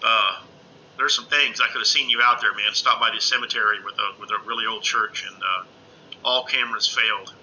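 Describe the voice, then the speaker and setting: A middle-aged man talks casually to viewers on a home livestream, rambling and excitable, full of fillers. His voice is very bright and sharp. A faint noise sits under the recording. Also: on the low side, a little fast, rough recording. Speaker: ghost-hunting live streamer. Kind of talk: casual live-stream chat with viewers. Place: indoors at home under a lamp.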